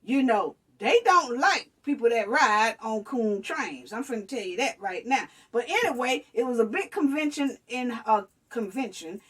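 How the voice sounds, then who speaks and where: Woman, commentary vlogger, sassy, fairly high voice, a bit off-mic. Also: expressive, normal speed, few pauses, breathy edge, far from the mic. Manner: sassy, addresses viewers as honey and baby. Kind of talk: casual reaction commentary.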